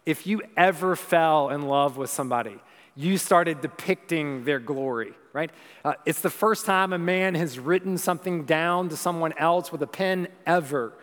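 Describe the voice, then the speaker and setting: Young male pastor, slightly high voice, conversational preaching, rhythmic recitation, long hall reverb. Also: normal speed, fairly bright tone. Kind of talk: sermon.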